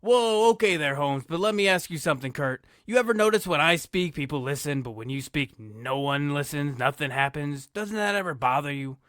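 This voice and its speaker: A man's voice: fairly high pitch, expressive, a little fast, few pauses, fairly bright tone, clean tone, no echo, clean studio sound. A man putting on a Mexican-American accent to voice a sly, taunting male wrestler. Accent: Mexican-American, put on. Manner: playful, taunting, slangy. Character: cocky sly male wrestler, teasing and smooth-talking.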